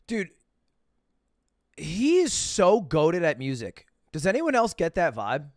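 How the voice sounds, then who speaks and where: A man's voice: on the high side, dry recording, clean studio sound. A young adult man giving casual, joking commentary while reacting to videos on a live stream. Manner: joking, animated, quick asides.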